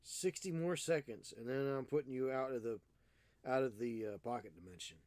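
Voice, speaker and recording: A man's voice: mid-range voice, moderate pace, darkish tone, no room sound. A man streaming his miniature painting, chatting casually and teasing his cat with playful baby-talk.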